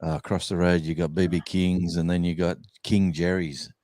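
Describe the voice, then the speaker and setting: A man's voice: low voice, flat delivery, moderate pace, a little mellow. A man with an Australian accent telling a rambling story in a casual chat, full of fillers and restarts. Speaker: guest musician.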